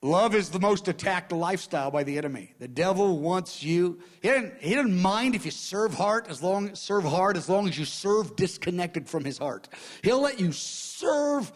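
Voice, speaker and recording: An earnest male preacher repeats phrases throughout his sermon, alternating quiet murmurs with loud outbursts. He has a high-pitched, expressive voice and keeps a moderate pace.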